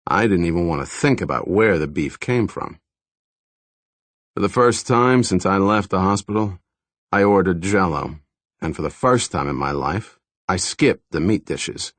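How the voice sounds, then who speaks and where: A man's voice: deep voice, expressive, moderate pace, no echo. A man narrating a first-person thriller audiobook in a dry, wry storytelling manner, close to a studio mic.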